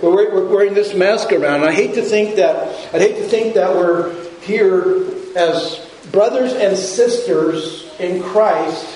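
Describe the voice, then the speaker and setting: A man preaching a sermon in a conversational, halting way, often restarting and repeating his words. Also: on the high side, a little mellow, roomy sound, slight background noise, poor audio. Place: church sanctuary.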